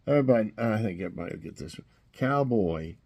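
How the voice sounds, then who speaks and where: A man's voice: fairly low pitch, darkish tone. A middle-aged man with a Southern US accent, casually reading trivia questions and joking about the silly answers with plenty of chuckles. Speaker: host.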